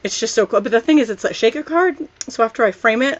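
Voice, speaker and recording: A woman's voice: a little high, animated, fast, lo-fi sound. Chatty upbeat middle-aged woman, live chat. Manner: chatty and upbeat, laughs often, rambles with fillers. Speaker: card-making instructor. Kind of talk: casual live-stream chat. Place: home family room.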